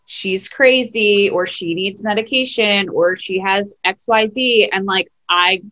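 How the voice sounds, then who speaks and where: A woman guest talking in a relaxed podcast conversation, with a voice of middle pitch. She is animated and laughs easily. She often breaks into quoted asides about herself. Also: measured pace. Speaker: guest, nutritionist. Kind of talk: casual podcast chat.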